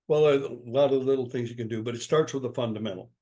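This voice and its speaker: Talking fast in a mid-range voice, an older male author being interviewed tells his stories with energy and emphasis. He performs the quoted lines of dialogue as he goes.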